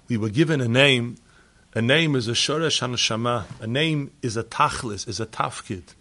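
A man giving a sermon as a rabbi, swinging from loud emphatic peaks to quiet, low asides. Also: vocal fry.

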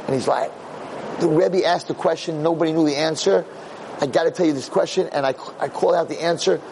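A man giving a lively Torah lecture as a rabbi, acting out quotes in a storyteller's manner and building to excited peaks. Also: on the high side, vocal fry, a little hiss or hum, rough recording.

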